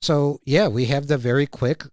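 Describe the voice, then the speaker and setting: A man hosting a podcast, recapping a cartoon episode in relaxed casual chat. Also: medium pitch, normal speed, dry recording, clean studio sound. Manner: relaxed, recaps scenes by reading out quotes. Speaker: podcast host.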